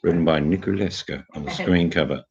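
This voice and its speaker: An Australian man in casual chat who rambles through joking, deadpan tall tales. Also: sits low, brisk, muffled recording, crowd noise. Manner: joking, meandering, deadpan storytelling.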